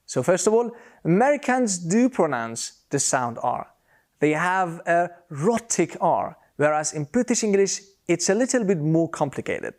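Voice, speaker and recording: Slow, lively-pitched male pronunciation teacher. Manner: slow, careful, demonstrates sounds by repeating words. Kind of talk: scripted lesson to camera.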